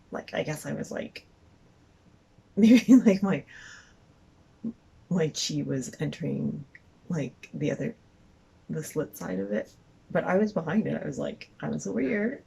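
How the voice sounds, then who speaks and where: A woman's voice: sits low, gravelly, mellow, slightly rough, low-quality recording. A woman telling a story casually, rambling with lots of fillers. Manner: rambling, full of "like" and "um".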